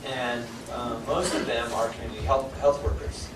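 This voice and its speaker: A man's voice: medium pitch, level tone, normal speed. A man giving a self-deprecating, informal talk as a guest speaker, full of fillers and restarts. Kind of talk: informal lecture. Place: lecture hall. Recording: echoey hall from far off, noisy.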